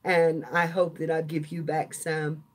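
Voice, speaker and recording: A woman's voice: low voice, level tone, unhurried. An older woman, hosting a casual live stream chat, chatty and laughing often as she talks to her viewers. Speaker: craft channel host.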